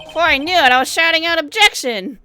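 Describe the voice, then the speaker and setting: A woman voicing a loud, eager, bumbling middle-aged male detective from a game. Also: very high-pitched, steady tone, rapid-fire, faint music behind, pitched above the performer's own voice.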